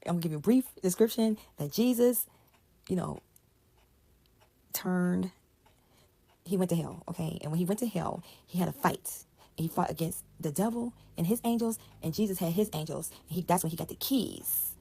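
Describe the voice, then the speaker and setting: A low-pitched woman with a gravelly, husky voice tells a scripture story in casual, conversational talk. She is animated and explains things aloud as she goes. At times her voice sinks to a near whisper. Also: moderate pace. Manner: animated, conversational, often drops to a hushed whisper. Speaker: Bible storyteller.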